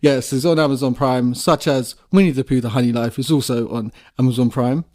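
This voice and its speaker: A man co-hosting a podcast in loose, uncensored banter. His voice sits in an ordinary middle pitch, and he rambles from point to point, swearing casually and keeping things laid-back. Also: steady tone, brisk, mellow. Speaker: podcast co-host. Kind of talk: casual chat.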